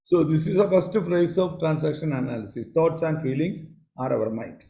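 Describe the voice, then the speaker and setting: Halting man lecturing a class. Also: a little high, gravelly, dark tone, low-quality recording. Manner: halting, repeats phrases, asks the class questions. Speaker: psychology teacher. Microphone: video call.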